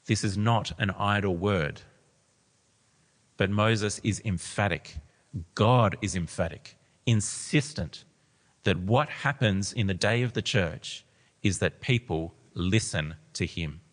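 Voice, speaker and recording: A man with a low voice preaches in a church hall, and long reverb trails after his words. He reads scripture with swelling emphasis, then settles into plain explanation for his congregation. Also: slow. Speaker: pastor. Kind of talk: sermon with scripture reading.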